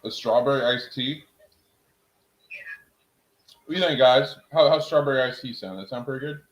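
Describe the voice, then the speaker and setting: A young man streaming from home, chatting casually with his viewers in an excitable, rambling way and laughing at himself. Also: mid-range voice, normal speed, reverberant, low-quality recording. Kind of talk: casual live-stream chat.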